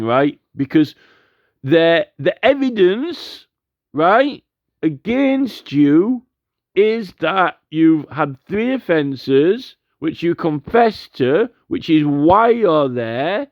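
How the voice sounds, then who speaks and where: A man's voice: fairly high pitch, no room sound. A man in a rambling, argumentative monologue, repeating "right?" again and again. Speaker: commentator. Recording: dull lo-fi audio.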